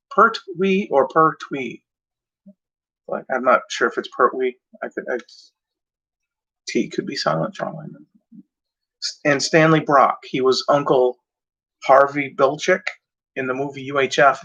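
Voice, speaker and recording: Rambling man with a bright voice. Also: mid-range voice, moderate pace, pauses often. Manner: rambling, hesitant, with many fillers and self-corrections. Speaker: video host. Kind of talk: casual talk to camera. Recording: dull lo-fi sound.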